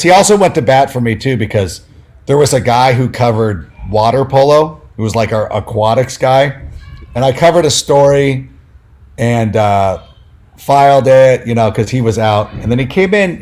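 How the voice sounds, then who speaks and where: A man guest on a podcast, telling long, animated stories in a casual way, full of fillers and acted-out quotes. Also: medium pitch, moderate pace. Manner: animated, filler-heavy, acts out quoted people. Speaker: podcast guest, fantasy football analyst. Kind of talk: casual storytelling.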